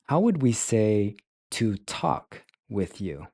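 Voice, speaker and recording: Man, language teacher, very slow, careful repetition, dry close sound. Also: lowish voice, sing-song, dark tone, no room sound. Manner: spells out sounds and repeats words slowly. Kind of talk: slow, careful pronunciation lesson.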